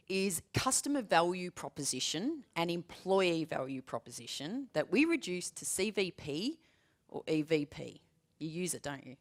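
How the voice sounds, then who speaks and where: A woman in her forties delivering a keynote to a room full of people. Her voice sits low but swings widely in pitch as she jokes, tells stories and hammers home her points with repeated phrases. Her delivery is animated and conversational. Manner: lively, humorous storytelling with emphatic repetition. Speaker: keynote speaker. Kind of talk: keynote presentation. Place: large room with a live audience.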